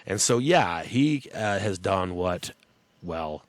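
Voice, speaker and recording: A man co-hosting a podcast speaks in a relaxed, laid-back way, recapping and reacting in casual chat. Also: low voice, slow pace, dry recording. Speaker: podcast co-host.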